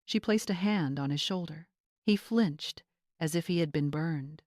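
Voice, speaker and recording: Measured woman narrating a drama story. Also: sits low, darkish tone, no room sound, clean studio sound.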